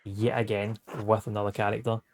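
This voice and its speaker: A man's voice: fairly low pitch, flat delivery, fairly quick, darkish tone, slight background noise. A man streaming a game, giving let's-play commentary with chatty, joking asides.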